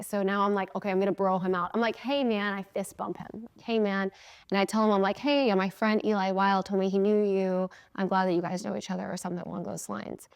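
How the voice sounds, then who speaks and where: A woman's voice: medium pitch, smooth. A woman in her thirties hosts a podcast and tells a personal story in a casual, chatty voice. She slips into her own past lines as she tells it and laughs between phrases. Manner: laughs often mid-sentence. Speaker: podcast host.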